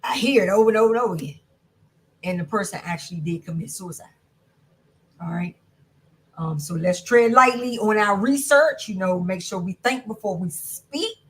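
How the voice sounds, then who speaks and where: A woman's voice: medium pitch, moderate pace. A woman teaching a class on domestic violence, speaking in an earnest, repetitive, conversational way with many fillers.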